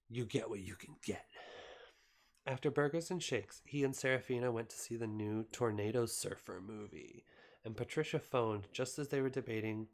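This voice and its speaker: A man casually reading a novel aloud as an amateur, relaxed and unpolished, pausing at times to recap the story in his own words. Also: medium pitch. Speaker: amateur reader.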